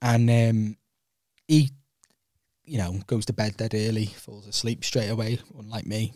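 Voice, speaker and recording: A man's voice: on the low side, fairly even intonation, measured pace, darkish tone, dry recording, clean studio sound. A young Welsh man co-hosting a podcast, telling rambling stories in a casual chat and laughing often. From Wales. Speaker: podcast co-host.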